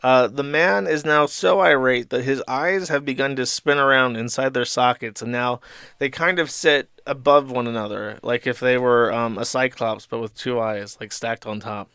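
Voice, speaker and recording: A man in his thirties hosts a podcast, rambling through a comic in casual, profane commentary punctuated by laughing asides. His voice is smooth and clear at a middling pitch. The recording is dry and close, with no room echo. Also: fairly even intonation, moderate pace, bright, forceful tone. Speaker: podcast host.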